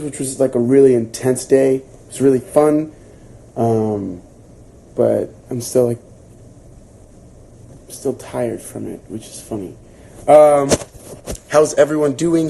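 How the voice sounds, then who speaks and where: A man's voice: medium pitch, creaky, a little hiss or hum. A young man hosting a casual livestream book club, chatting loosely with lots of fillers and reading out viewer comments. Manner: chatty, relaxed, filler-heavy, reacting to comments.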